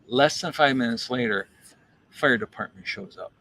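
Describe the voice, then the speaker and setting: A man's voice: medium pitch, moderate pace. A man who roasts coffee, telling a casual story, acting out quotes and repeating words as he thinks. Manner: animated anecdote with acted-out quotes. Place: coffee shop.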